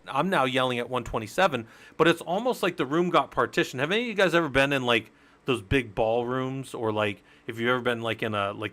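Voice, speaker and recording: A man's voice: mid-range voice, bright, forceful tone. Chatty man teaching on a live stream. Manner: chatty, explains step by step, jokes with chat. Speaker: live-stream Linux instructor.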